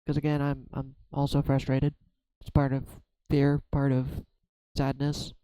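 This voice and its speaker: A man doing a solo tarot reading, talking slowly through his own fears and frustration with many restarts. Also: medium pitch, monotone, dark tone, smooth, dry recording, rough recording. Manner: halting, self-searching, many restarts. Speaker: tarot reader. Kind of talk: reflective solo tarot vlog.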